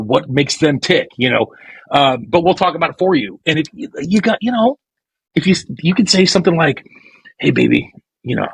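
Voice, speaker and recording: A man's voice: fairly high pitch, slightly rough, dry recording, poor audio. A man hosting a podcast, rambling through bawdy, playful banter and acting out quoted lines. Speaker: podcast host. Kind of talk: crude comedic podcast banter.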